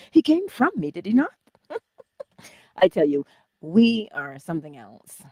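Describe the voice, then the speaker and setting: Woman host, inspirational livestream; slow, husky delivery with lots of pitch movement, playful and chatty, often drops to a whisper. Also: very animated, darkish tone, dry recording. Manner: chatty, greets viewers by name.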